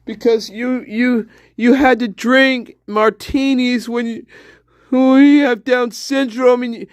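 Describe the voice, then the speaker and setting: A man's voice: very high voice, steady tone, slow, no echo, studio quality. A man host rambling through an erratic, crude solo monologue, often breaking into laughter. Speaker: channel host.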